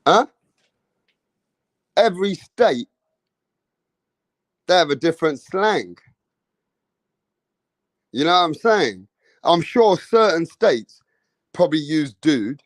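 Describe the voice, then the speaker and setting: An English man hosting a boxing live stream, chatting loosely with his viewers in a joking way and swearing often. His voice sits slightly high, and it is recorded on a close mic with a dry, dead sound. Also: sing-song, slow, pauses often, no echo. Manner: casual, joking, swears freely, addresses viewers. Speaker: boxing channel host.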